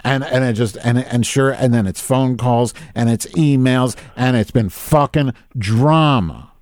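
A man's voice: medium pitch, unhurried, darkish tone, no echo. Podcast host, male, fifties, profane exasperated rant, dry close sound. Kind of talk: casual live-stream rant.

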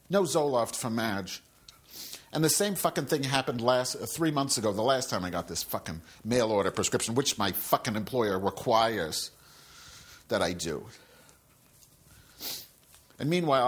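A man's voice: mid-range voice, a bit bright. A man hosting a solo podcast, ranting angrily and profanely with sarcastic, rambling asides. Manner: angry, sweary, sarcastic. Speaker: podcast host.

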